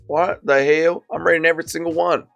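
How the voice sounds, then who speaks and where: A man's voice: fairly high pitch, brisk, vocal fry, lo-fi sound, faint music behind. A man hosting a casual livestream, reading chat and commentating fights with blunt, profane banter. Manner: blunt, swearing, excitable banter. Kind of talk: casual watch-party commentary.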